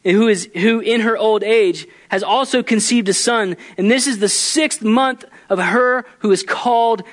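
A male pastor delivers a sermon in a fairly high voice. He keeps it conversational and animated, and he acts out the quotes with lively emphasis. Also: unhurried.

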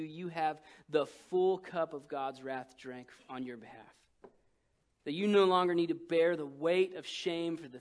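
Man, pastor, high voice, sermon, animated storytelling, loud bursts and hushed lines.

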